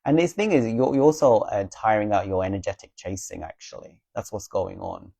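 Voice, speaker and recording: With a gravelly, dark, fairly low voice and a fairly quick pace, a spiritual advice creator speaks casually yet earnestly about spiritual healing. He reassures viewers, drops the occasional "okay?" and blunt swear word, and the recording has no room sound.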